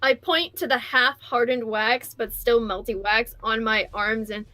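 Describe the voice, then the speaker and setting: High-voiced animated young woman player. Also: measured pace, no room sound, poor audio. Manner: animated, swearing, laughing often. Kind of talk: tabletop role-play.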